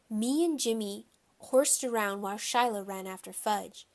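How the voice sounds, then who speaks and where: A woman reading a children's novel aloud in a plain, steady storytelling manner. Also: mid-range voice, moderate pace. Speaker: audiobook reader.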